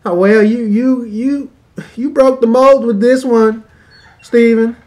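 A man's voice: very high-pitched, fairly even intonation, slow pace, a little mellow, voice pushed up. A man voicing an admiring middle-aged wife who gushes and stammers her praise. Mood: gushing.

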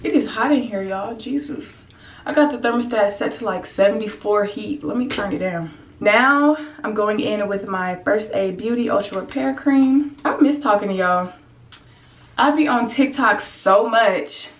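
A woman's voice: mid-range voice, measured pace, roomy sound, slight background noise. A young woman chatting casually to her viewers in a home vlog, laid-back and talkative, filmed on a handheld camera indoors. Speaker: vlogger.

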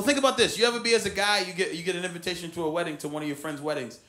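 A man's voice: on the high side, fast talker, pushed and bright. A man performing a stand-up comedy routine, telling a profane story and acting out the voices of the people in it. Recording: live club recording with audience noise. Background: audience laughter.

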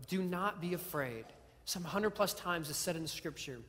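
A man's voice: high voice, animated, moderate pace, a bit bright. A man preaching a sermon in a church, earnest and self-deprecating as he tells stories, often restarting words. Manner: repeats phrases and restarts words. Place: church sanctuary. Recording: long hall reverb.

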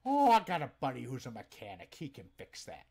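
A man's voice: mid-range voice, huge pitch swings, a little fast, gravelly, darkish tone, full character voice. A man putting on the voice of an eager, gullible male customer buying a wreck of a used car, gushing and folksy.

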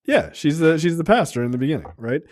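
A man's voice: a little high, sing-song, quick pace, a little mellow, no room sound, clean studio sound. A man co-hosting a casual movie review podcast, recapping scenes in a rambling, profane way with many filler ums. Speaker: podcast co-host.

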